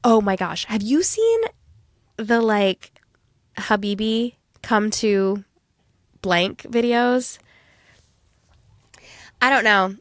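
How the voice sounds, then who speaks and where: A woman in her thirties, a podcast co-host in casual chat, talking in an animated way and often trailing off mid-sentence. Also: medium pitch, extremely slow, pauses often, no echo, studio quality.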